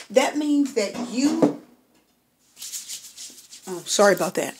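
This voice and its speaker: A woman's voice: on the high side, expressive, takes it slowly, pauses often, noisy background. A woman giving a personal tarot reading, talking straight to the client, repeating her points and checking in with "okay?". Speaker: tarot reader.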